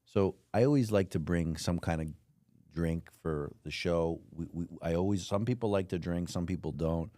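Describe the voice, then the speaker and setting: A man's voice: sits low, normal speed, no echo. A man hosting a casual podcast interview, telling stories with acted-out voices. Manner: animated storytelling, acts out voices. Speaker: podcast host.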